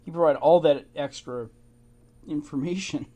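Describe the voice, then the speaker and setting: A man's voice: mid-range voice, moderate pace. A man casually reading and retelling old documents, with informal asides and chuckles. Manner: informal, chuckling asides, fillers like "you know". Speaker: amateur history narrator. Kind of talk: casual narration of archive documents.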